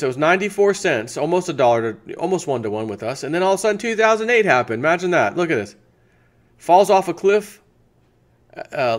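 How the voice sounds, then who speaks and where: An American man hosting his own channel, casually chatting through a sponsor segment and thinking aloud with restarts. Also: a little high. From United States. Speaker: channel host.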